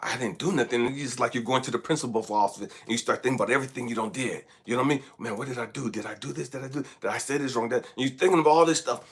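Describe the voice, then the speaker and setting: A man from California, a life coach, telling a personal story that swings between loud emphatic bursts and hushed asides. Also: medium pitch, very fast, few pauses, slightly rough. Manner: often asks "you know what I mean?". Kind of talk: motivational storytelling.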